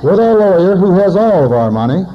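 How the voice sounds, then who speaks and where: A man's voice: sits high, sing-song, fairly quick, muffled recording. A man in his forties, a recovering alcoholic, giving a personal testimony in a plainspoken storytelling manner with wry humor. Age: 40s.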